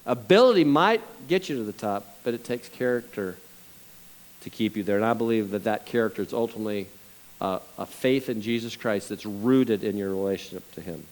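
A male pastor preaching a sermon in a lively, conversational way, asking his congregation questions and adding jokes between Bible readings. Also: on the low side, brisk, rough recording.

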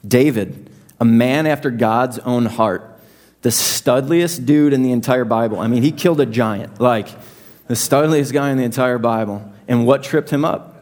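A young man delivers a sermon in a relaxed, conversational way. He pokes fun at himself and throws in lively asides, at an everyday mid-range pitch. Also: moderate pace. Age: young adult. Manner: conversational, self-deprecating, animated asides. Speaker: pastor.

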